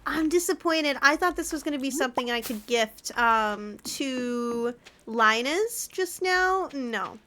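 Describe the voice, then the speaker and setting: Bright, high-voiced woman streamer. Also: animated, slow. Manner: chatty and playful, talking to game characters. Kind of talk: casual gameplay chat with viewers.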